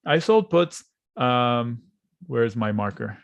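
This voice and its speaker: A man teaching options trading in a relaxed, conversational way, acting out panicked traders in quick asides while he draws on charts. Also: medium pitch, gravelly, clean tone, no echo, lo-fi sound. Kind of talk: screen-share trading lesson. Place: at a computer, drawing on charts.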